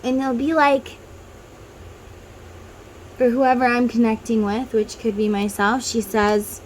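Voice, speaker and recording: A woman's voice: on the high side, little pitch movement, slow, pauses often, slight background noise, rough recording. A woman who reads tarot, talking casually to viewers and guiding them through an inner-child meditation, with chatty tangents. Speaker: tarot reader.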